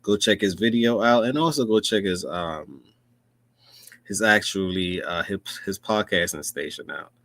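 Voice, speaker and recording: A man with a lowish voice hosts his commentary show, earnest and rambling, doubling back to repeat himself. The sound is dry and close, with no room around it. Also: measured pace, fairly bright tone, no room sound. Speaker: host. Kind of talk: casual commentary.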